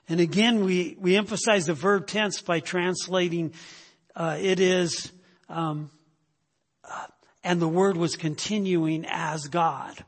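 A man preaching a sermon, emphatic, repeating phrases and checking in with "right?". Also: high voice. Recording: long reverb of a hall.

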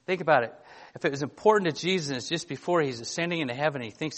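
A man preaching a sermon in a conversational, halting way, often restarting and filling gaps, reading scripture aloud. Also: a little high.

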